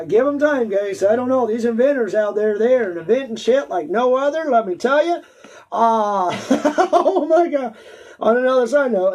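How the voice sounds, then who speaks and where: A man's voice: sits high, darkish tone. A man with a stuffy nose, a host chatting casually and answering viewer questions, rambling and laughing often. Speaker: auctioneer.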